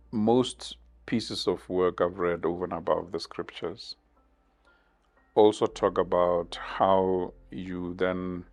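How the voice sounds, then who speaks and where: Interview guest, man in his fifties, deep gravelly voice, slow and reflective, faint music behind. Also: a little mellow. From South Africa. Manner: measured, thoughtful, with many pauses and fillers.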